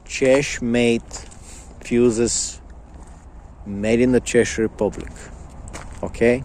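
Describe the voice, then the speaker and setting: A man's voice: medium pitch, level tone, very slow, long pauses, darkish tone, a little hiss or hum. A young man in a casual vlog, ranting angrily with lots of swearing and repetition. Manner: angry, profane, repetitive ranting. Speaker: vlogger.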